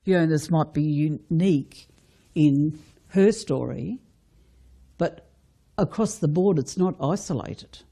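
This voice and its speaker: A commentator making a slow, deliberate statement in an interview. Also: medium pitch, gravelly, warm tone, slightly rough.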